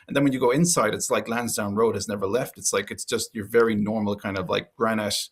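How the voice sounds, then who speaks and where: A man talks as an interview guest in a relaxed, rambling way, circling back with restarts and fillers. His voice sits low and carries a gravelly fry. It sounds a little husky rather than clean. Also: fairly quick. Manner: chatty storytelling with many fillers and restarts. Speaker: guest, rugby podcaster and ex-player. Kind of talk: casual interview chat.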